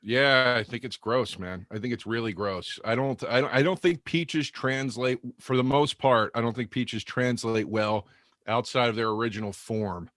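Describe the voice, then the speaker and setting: A man's voice: medium pitch, normal speed, a bit bright, dry recording, clean studio sound. A man who is a podcast guest and comedian, rambling through stories and laughing often. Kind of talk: casual podcast chat.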